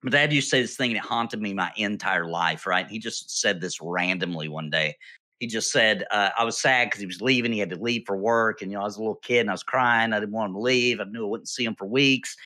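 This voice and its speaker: A man chatting casually on a podcast, telling animated stories and checking in with "right?" after nearly every point. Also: lowish voice, fast talker. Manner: animated storytelling, peppers speech with "right?". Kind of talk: casual chat.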